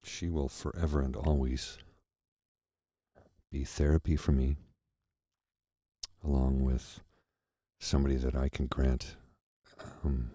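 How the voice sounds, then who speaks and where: Middle-aged male host for a soft ASMR talk: husky, dry close-miked sound, unhurried and reflective. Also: very deep voice, flat delivery, no echo. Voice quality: soft, reflective, halting with pauses and restarts. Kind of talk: soft-spoken ASMR chat.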